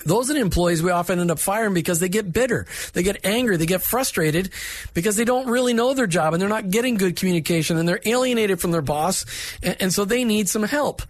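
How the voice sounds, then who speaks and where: A man's voice: high-pitched, lively intonation, fast, no echo. A man giving a direct, plainspoken talk with practical management advice, in an instructive, conversational way.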